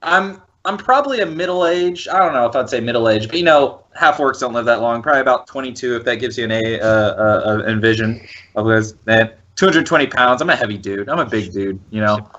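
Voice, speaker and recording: A man's voice: mid-range voice, fairly quick, fairly bright tone. A man playing a tabletop game, talking casually and rambling through his answers. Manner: rambling, chuckling. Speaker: player. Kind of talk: casual tabletop role-play. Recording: dull lo-fi audio.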